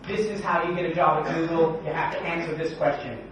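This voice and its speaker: A man giving a joking, energetic conference talk and quizzing the audience. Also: a little high, fast, slight background noise. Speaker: conference speaker. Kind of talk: keynote talk. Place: large conference hall. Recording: echoey hall, distant, dull sound.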